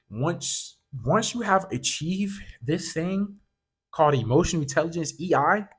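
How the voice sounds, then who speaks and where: A podcast host with a mid-range, slightly husky voice delivers motivation directly to the listener. His coaching tone is loose, earnest, and casual; he repeats himself and leans heavily on "like" and "right?" as fillers.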